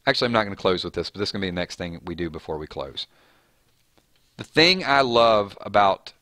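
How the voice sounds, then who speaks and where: A man's voice: on the low side, no room sound. Chatty man hosting a dry live stream. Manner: chatty, reads out viewer comments; animated, voice jumps up on names and questions. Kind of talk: casual live-stream commentary.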